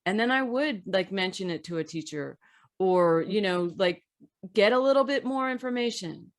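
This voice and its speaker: A woman's voice: medium pitch, expressive, normal speed. A woman hosting a podcast, talking in an emphatic, direct way as she gives advice in a casual discussion. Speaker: podcast host.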